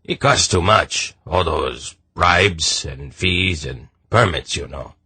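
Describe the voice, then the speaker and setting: A man's voice: deep voice, animated, slow, bright, forceful tone, breathy edge, no echo, heavily acted. A man doing a chatty, shrewd rangy merchant. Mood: easygoing. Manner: offhand, chatty, casual. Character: rangy, easygoing male merchant, shrewd and talkative.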